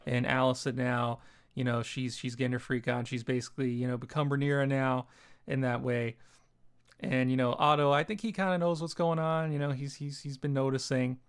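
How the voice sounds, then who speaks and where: Man, TV reviewer, casual, rambling, lots of fillers, medium pitch. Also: flat delivery, brisk, clear, resonant tone. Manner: rambling, heavy with fillers like "you know" and "like". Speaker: TV episode reviewer.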